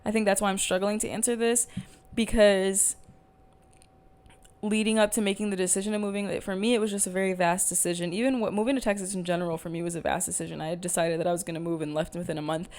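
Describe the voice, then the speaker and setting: A woman's voice: mid-range voice, steady tone, quick pace, darkish tone. A young woman hosting her own podcast, chatting candidly and rambling with lots of fillers and casual swearing. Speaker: podcast host. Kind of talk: casual solo podcast chat. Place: at home, talking to camera.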